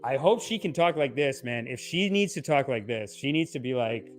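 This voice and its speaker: Irreverent male podcast host, animated. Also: mid-range voice, normal speed, soft background music. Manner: irreverent, mocking, rambling asides. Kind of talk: casual commentary and reading news aloud.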